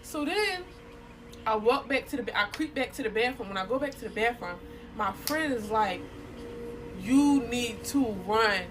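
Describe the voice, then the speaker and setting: A young woman with a Philadelphia accent telling a personal story straight to viewers in casual slang, animated and cursing freely. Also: on the high side, normal speed, background noise. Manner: animated and slangy, addresses viewers as "y'all", curses.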